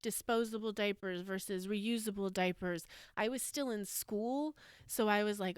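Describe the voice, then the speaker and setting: A woman's voice: mid-range voice, normal speed, smooth, dry recording, studio quality. A woman in her thirties from the United States, hosting a podcast and telling a personal story in a candid, rambling, emotional way. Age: 30s. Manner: candid, rambling, emotional, with frequent fillers and laughs. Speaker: podcast host.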